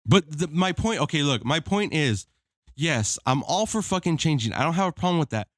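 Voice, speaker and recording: A man's voice: fairly high pitch, expressive, fairly quick, no echo, clean studio sound. Insistent man pushing back, cursing. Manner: insistent, swears a lot, pushes back. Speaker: podcast co-host. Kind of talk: heated casual debate.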